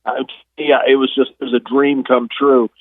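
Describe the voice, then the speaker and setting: A man's voice: mid-range voice, normal speed, dry recording. Man on a tinny phone line. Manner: relaxed storyteller, chuckles often. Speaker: guest, retired pro wrestler. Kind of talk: phone interview storytelling.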